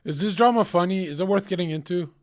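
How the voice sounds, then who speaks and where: A man's voice: high-pitched, fast talker. A man streaming live, reacting to clips with profane, rambling commentary.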